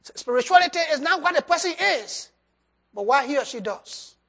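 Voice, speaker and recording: A preacher giving a sermon and altar call, swinging between loud emphasis and soft drops, with loose grammar. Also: sits high, animated, fairly quick, gravelly. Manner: loose, nonstandard English grammar.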